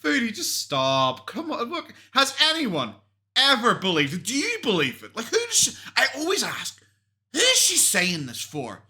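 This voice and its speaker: Brief: man, sarcastic reaction commentator, high and animated, bright edge, swears a lot. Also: moderate pace. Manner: mocking, sweary, laughing often. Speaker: commentary youtuber reacting to a vlog. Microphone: desk USB microphone.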